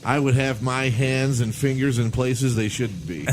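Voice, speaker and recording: A man's voice: mid-range voice, unhurried, music in the background. A man co-hosting a casual podcast, joking and laughing along. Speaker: podcast co-host. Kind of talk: casual chat.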